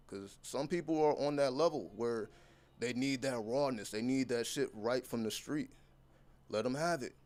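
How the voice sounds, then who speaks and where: Guy ranting to his viewers, blunt and swearing a lot, intense and fired up, regular pitch. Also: normal speed, a little mellow. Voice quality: blunt, heavily profane, intense. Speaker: content creator. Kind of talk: unscripted motivational monologue.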